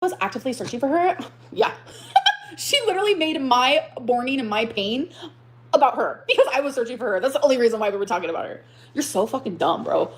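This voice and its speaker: A woman's voice: on the high side, expressive, quick pace. A woman on a livestream telling how she was hurt, swearing often and repeating lines for effect. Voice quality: exaggerated dramatic repetition. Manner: profane, aggrieved, rising to outbursts. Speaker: livestreamer telling her story. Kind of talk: emotional venting on a livestream.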